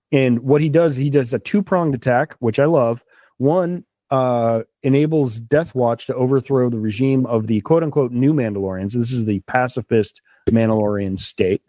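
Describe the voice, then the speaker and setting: A man's voice: medium pitch, mellow, dry recording. A man hosting a casual podcast chat, rambling with enthusiasm and lots of fillers. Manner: chewing a snack while talking. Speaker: podcast host.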